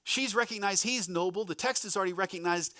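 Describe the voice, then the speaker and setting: A man's voice: high voice, fast talker, bright, forceful tone, no echo, clean studio sound. A male pastor giving a conversational sermon, breaking off for asides to the congregation. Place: church.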